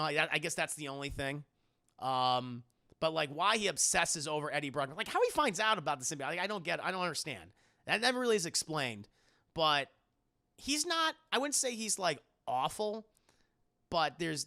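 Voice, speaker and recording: A man talks through a film review on a live stream in a gravelly voice, pitched a little above the usual male range. His tone is bright and edgy. He rambles, circles back on his own points, and swears freely while answering his chat. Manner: rambling, repeats himself, swears, chats with viewers.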